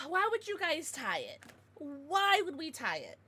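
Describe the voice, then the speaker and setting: A woman's voice: high-pitched, wildly swooping pitch, slow, pushed and bright. A young American woman chatting casually on a livestream, giggly and bubbly as she greets viewers and reads out chat.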